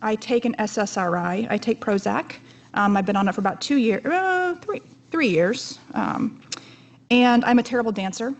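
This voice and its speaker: A woman's voice: medium pitch, steady tone, fairly quick, creaky. A woman in her thirties giving a conference keynote talk in a chatty, joking, self-deprecating way. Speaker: keynote speaker.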